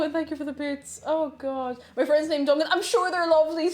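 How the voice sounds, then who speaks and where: A woman's voice: high-pitched, brisk, few pauses, darkish tone, soft background music. A woman chatting casually while she cooks on a live stream, giggly and talkative, reading out chat messages. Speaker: cooking streamer.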